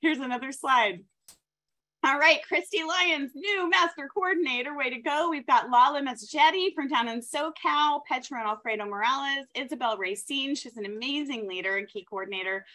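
An upbeat woman hosts a team recognition call with a high voice. She hurries through list after list of names with quick thanks and apologies for rushing. She sounds a little out of breath. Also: pushed and bright. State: running out of breath. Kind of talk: reading out names in a recognition segment.

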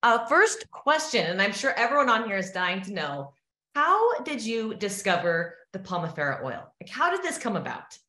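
A woman's voice: medium pitch, sing-song, moderate pace, pushed and bright. A woman hosts a training webinar and introduces her guest with eager enthusiasm. Her voice sits in the middle range, and the room around her gives it a noticeable echo. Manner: upbeat and enthusiastic. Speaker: training director and presenter.

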